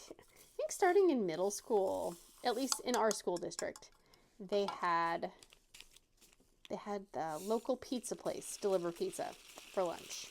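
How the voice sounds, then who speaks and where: A woman's voice: medium pitch, slight background noise. A woman hosting a craft channel, telling a casual, self-deprecating story with many fillers and restarts.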